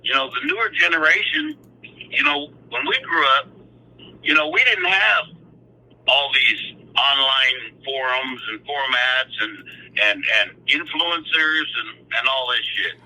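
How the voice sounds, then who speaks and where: A man with a very bright, husky voice that swings lively up and down. He talks bluntly and emphatically, looking back on the old days in a casual podcast chat. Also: medium pitch, a little slow, low-quality recording. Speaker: podcast host.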